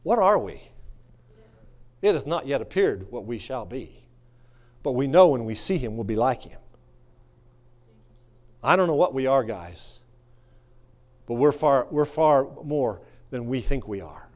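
A male pastor preaching a sermon, swinging from quiet musing to fervent shouting. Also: medium pitch, big pitch swings, unhurried, long pauses.

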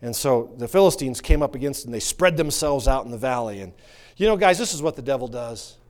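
A male pastor preaching a sermon, swinging from quiet musing to fervent shouting. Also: mid-range voice, expressive, a little fast.

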